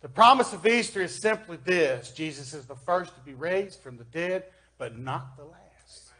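Folksy Southern preacher, high voice. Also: male voice, lively intonation, normal speed. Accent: Kentucky Southern US. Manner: folksy, swings from loud emphasis to quiet asides. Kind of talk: sermon with scripture reading. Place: church.

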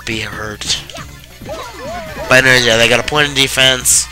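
A man's voice: mid-range voice, normal speed. Sarcastic young man narrating gameplay. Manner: sarcastic, swears freely, tired deadpan. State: tired. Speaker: let's play commentator. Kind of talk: casual gameplay commentary. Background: game music.

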